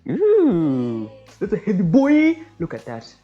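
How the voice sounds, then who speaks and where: A goofy woman narrates her cooking vlog, her voice swinging high and low with big bursts of excitement. She clowns around as she talks through each step, with faint music behind her. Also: slow, muffled recording. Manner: goofy, exaggerated and enthusiastic, with sudden loud outbursts. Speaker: cooking vlogger.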